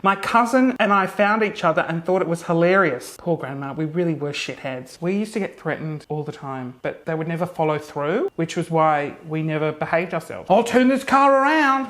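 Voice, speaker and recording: A young woman reading funny viewer stories aloud in a casual comedic vlog, swearing often and laughing as she goes. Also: fairly low pitch.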